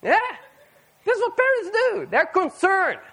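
A man preaching a sermon to a live audience, animated and firing rhetorical questions at the listeners. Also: extremely high pitch, moderate pace.

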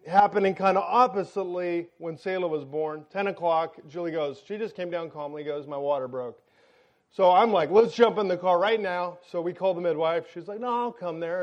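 A middle-aged man preaching a sermon, telling a funny, animated story and acting out the lines of the people in it. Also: high voice. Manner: animated, jokey storytelling with acted-out quotes. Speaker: pastor.

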